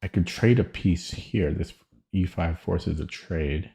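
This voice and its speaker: A man's voice: low-pitched, slow pace, vocal fry, mellow. A man streaming a chess game, thinking aloud hesitantly and often stammering or repeating words. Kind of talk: live-stream chess commentary.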